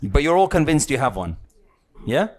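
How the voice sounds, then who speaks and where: A man's voice: fairly high pitch, very animated, moderate pace. A man teaching a spiritual lesson to a live audience, talking casually, teasing and checking in often. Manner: conversational, teasing, keeps checking in with "yeah?" and "right?".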